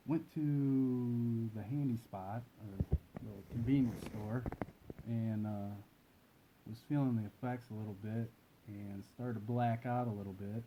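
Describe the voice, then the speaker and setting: A man telling a personal story in plain, low-key, casual speech. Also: fairly even intonation, a little slow, dull audio, slight background noise. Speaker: guest.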